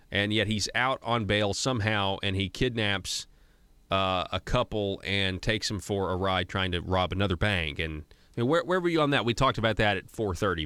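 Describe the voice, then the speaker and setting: A male radio talk show host, ranting about politics in a sarcastic, animated way with frequent restarts and tangents. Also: fairly low pitch, dry recording. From Arkansas. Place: radio studio.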